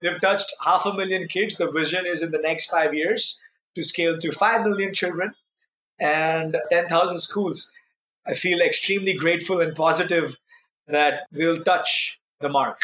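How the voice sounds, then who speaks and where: A man speaks as a guest in an interview, his voice bright and a touch high. He tells his stories in an earnest, animated way. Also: normal speed. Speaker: guest, nonprofit founder. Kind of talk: conversational interview storytelling.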